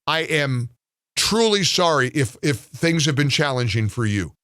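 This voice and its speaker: A fired-up male talk radio host rants with bite and sarcasm, stumbling over repeated words as his anger builds. His voice sits high and swings widely. The sound is bright and crisp, close and dry in a studio. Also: big pitch swings, unhurried, no echo. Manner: angry, ranting, sarcastic; repeats words when worked up. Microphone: studio mic.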